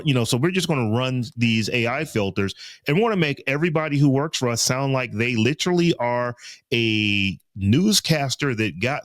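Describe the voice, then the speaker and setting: A man's voice: mid-range voice, no room sound. Laid-back man on a dry close mic. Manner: relaxed, playful, takes ideas to extremes. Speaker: podcast co-host. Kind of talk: casual podcast discussion.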